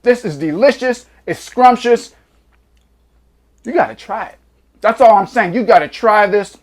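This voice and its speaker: A man's voice: high voice, animated, a little slow, a little mellow. A man hosting a home cooking vlog, hyped and slangy, drawing out catchphrases while taste-testing in his kitchen. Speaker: cooking show host.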